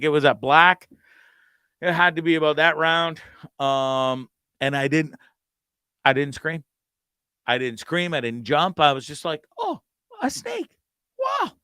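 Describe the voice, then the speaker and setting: A male host spins a loose, profane story, tripping over restarts as he goes. His voice is smooth and clear, recorded close and dry. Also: a little high, pushed and bright, no echo. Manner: rambling, profane, stammering restarts. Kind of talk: casual storytelling.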